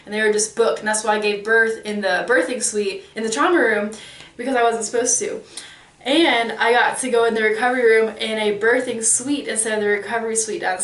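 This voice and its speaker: A woman in her thirties telling a personal story in a casual, animated way, acting out quoted exchanges. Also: fairly high pitch, brisk. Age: 30s. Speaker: vlogger. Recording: roomy, mic at a distance.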